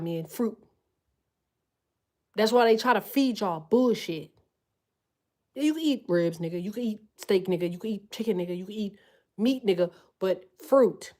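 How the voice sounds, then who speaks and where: A woman giving a loud, animated, profanity-filled casual tarot reading, full of slang. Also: on the high side. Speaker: tarot reader.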